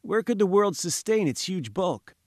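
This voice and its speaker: A man's voice: high-pitched, sing-song, normal speed, darkish tone, no echo, voice pushed up. A polite young engineer , voiced by a male reader, answers with cautious deference. His tone is slightly raised and the recording is dry and close. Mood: deferential. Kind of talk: audiobook character voice.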